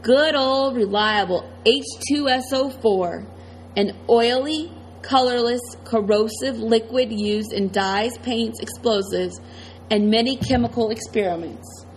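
A woman's voice: on the high side, unhurried, a little hiss or hum, natural voice. A woman reading an audiobook, voicing a clever, boastful small boy who talks in a fierce, bold way. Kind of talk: audiobook character voice.

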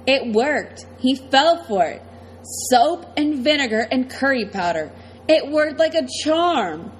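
Casting: woman voicing a small, cocky boy genius, fierce and bold, slightly raised pitch. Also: unhurried, slight background noise, natural voice. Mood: gleeful. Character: boastful clever small boy inventor. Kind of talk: audiobook character voice.

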